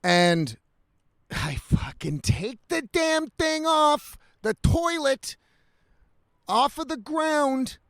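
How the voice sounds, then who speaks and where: A man with a fairly high voice rants and curses through a casual vlog, slightly tipsy and animated. The sound is dry and close, with no room echo. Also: extremely slow. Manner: profane, animated ranting with laughs. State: slightly intoxicated. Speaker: vlogger.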